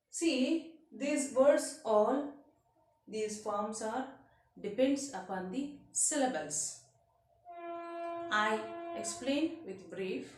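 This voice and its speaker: A woman's voice: on the high side, distant mic. A woman teaching an English grammar lesson. She repeats each example word and keeps checking in with "okay", in non-native phrasing. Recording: very echoey room.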